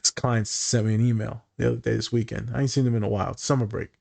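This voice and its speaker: Fast, lowish, and creaky, this man's voice belongs to a therapist chatting casually on a podcast. He swears a lot and animates his client stories by acting out what people said.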